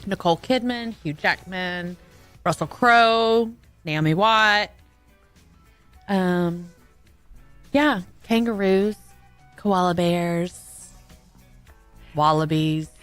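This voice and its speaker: Texas woman on morning radio, talks real slow, bright tense voice, playful. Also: on the low side, clear, resonant tone, soft background music. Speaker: radio co-host. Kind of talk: casual radio chat. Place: radio studio.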